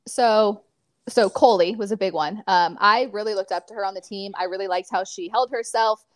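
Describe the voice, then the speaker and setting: A woman in her twenties from California, an athlete chatting casually as an interview guest, talking in animated stories full of fillers. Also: mid-range voice, moderate pace, no room sound, clean studio sound.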